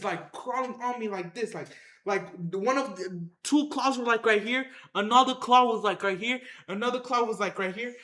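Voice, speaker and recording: A speaker telling a wild story to viewers in casual slang, acting out fights with shouted sound effects and repeated phrases. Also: mid-range voice, reverberant. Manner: excited, acts out the action with sound effects and shouts. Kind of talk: animated tall-tale storytelling to viewers.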